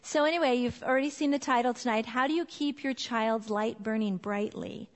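A woman's voice: fairly high pitch, fairly quick. Chatty church speaker woman, hall reverb. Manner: warm, chatty, laughs often, many fillers. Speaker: women's ministry speaker. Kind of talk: church parenting talk.

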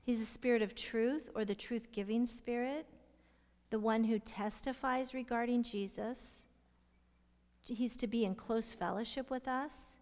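Higher-voiced woman teaching in a reverberant hall. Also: steady tone, unhurried. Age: middle-aged. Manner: asks listeners questions and drops into soft whispers for emphasis. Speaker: Bible study teacher. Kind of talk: Bible teaching.

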